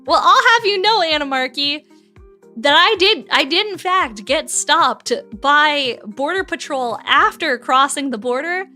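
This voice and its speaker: A woman's voice: sits high, expressive, unhurried, sharp tone, soft background music. A woman from Canada, chatting playfully and giggling on a livestream while she builds a model kit. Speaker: streamer.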